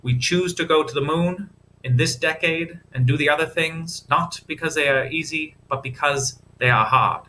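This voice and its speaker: A man's voice: a little high, normal speed, sharp tone, a little hiss or hum, voice pushed up, poor audio. A man imitating a famous male president giving a rousing speech, with a put-on Boston accent and stately oratorical delivery.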